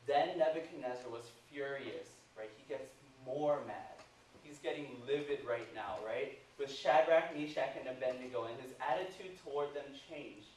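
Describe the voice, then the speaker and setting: A man's voice: mid-range voice, normal speed. Male preacher in an echoing church. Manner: animated storytelling, frequent "right?" asides. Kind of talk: sermon. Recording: echoey church hall, mic at a distance, faint hiss.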